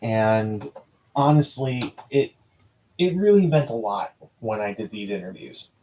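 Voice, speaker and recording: A man's voice: lowish voice, expressive, a little slow, warm tone, a little hiss or hum, rough recording. A man telling personal stories in a casual, heartfelt way, rambling and restarting often and swearing now and then. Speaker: vlogger recalling school newspaper interviews.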